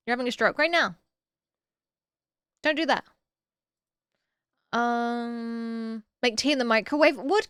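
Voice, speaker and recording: A woman streaming casually to her chat, talkative and quick to swear. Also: a little high, clear, resonant tone, no echo, studio quality. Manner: chatty, swears freely, lively.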